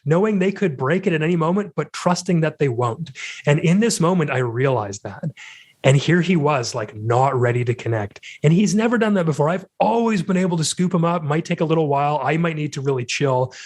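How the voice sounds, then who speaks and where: Male podcast guest, slightly higher voice, candid and reflective storytelling. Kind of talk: personal storytelling in interview.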